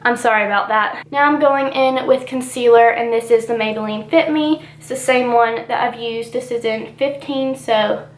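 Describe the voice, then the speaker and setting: A woman's voice: fairly high pitch, moderate pace, few pauses, reverberant, slight background noise. A young woman chatting through her makeup routine as a beauty vlogger, her voice a little stuffy from allergies, with a casual, rambling manner. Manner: chatty, relaxed product chatter with fillers. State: congested from allergies.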